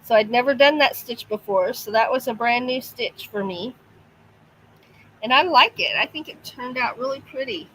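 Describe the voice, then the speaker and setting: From home, a woman hosts a casual livestream, talking to her pets and reading viewer comments aloud. Her voice is fairly high and fairly bright at a moderate pace, with slight background noise in a low-quality recording.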